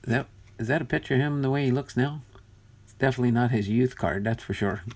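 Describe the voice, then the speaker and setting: A man's voice: mid-range voice, fast talker, darkish tone. A man casually talking through a box of cards, thinking aloud and muttering as he sorts them. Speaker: card collector vlogger. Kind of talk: casual unboxing commentary.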